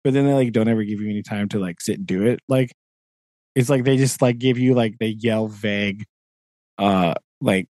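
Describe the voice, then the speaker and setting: A man's voice: on the low side, moderate pace, a little mellow, no echo. Rambling man venting in casual chat. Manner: rambling, filler-heavy venting with frequent laughs. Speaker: podcast co-host.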